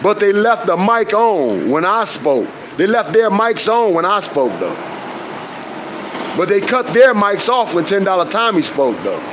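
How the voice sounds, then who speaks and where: A man rants with a high-pitched voice, swearing in nearly every line. His delivery is confrontational and addressed straight to viewers, and he often stalls on fillers before pushing on. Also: big pitch swings, unhurried, a bit bright, slight background noise, poor audio. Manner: confrontational, profane, trails into fillers. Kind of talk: heated direct-to-camera rant.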